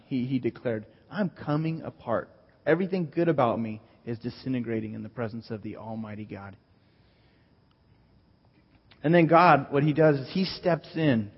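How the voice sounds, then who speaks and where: A man preaching a sermon in an earnest, teaching manner, slowing down when he reads scripture aloud. His voice sits at a medium pitch. The recording is a little muffled and carries a long reverb, as in a large hall. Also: slightly rough. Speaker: pastor.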